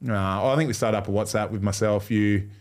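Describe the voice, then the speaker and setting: Australian bloke co-hosting a sports podcast, yarning casually, a bit low-pitched, quick to laugh at himself. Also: male voice, fairly even intonation, a little mellow. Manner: rambling, laughs often, self-mocking storyteller. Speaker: podcast co-host, former rugby league player. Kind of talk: casual chat.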